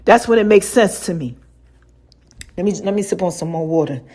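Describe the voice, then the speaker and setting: A woman hosts her own solo podcast in a mellow, medium-pitched voice with lively intonation and a fairly quick pace. She chats loosely in slang, laughs often and does voices while telling stories.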